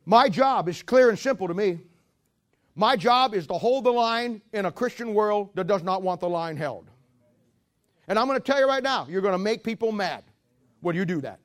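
A man's voice: sits high, animated, moderate pace. A man pastor preaching a sermon as a rambling, joking storyteller who walks about while he preaches.

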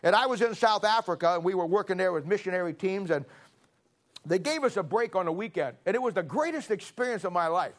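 A middle-aged man preaching a sermon, telling stories in a folksy way and building to forceful emphasis. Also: sits high, animated, quick pace. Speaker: pastor. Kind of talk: storytelling sermon.

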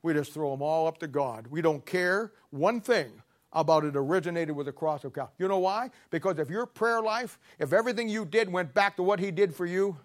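A middle-aged male preacher delivering a blunt, confrontational sermon, swinging from loud declarations to low asides. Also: lively intonation, fairly quick. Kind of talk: fiery sermon.

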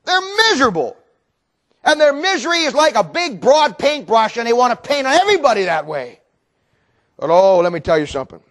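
High-voiced animated male preacher. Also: fairly quick. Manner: animated, acts out quoted voices, repeats words. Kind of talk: sermon.

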